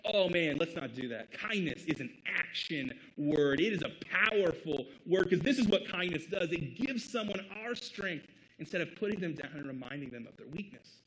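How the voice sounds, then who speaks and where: A man's voice: a little high, animated, normal speed, fairly bright tone, poor audio. A man from the American Midwest preaching a sermon, conversational and earnest, leaning on emphatic rhetorical questions. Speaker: pastor.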